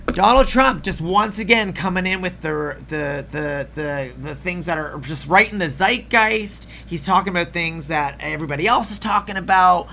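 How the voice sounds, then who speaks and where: A man delivering an opinionated video commentary in a sarcastic, profane, exasperated rant, with a slightly rough throat. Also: high-pitched, moderate pace, hardly any pauses, sharp tone, a little hiss or hum. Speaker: political commentary host.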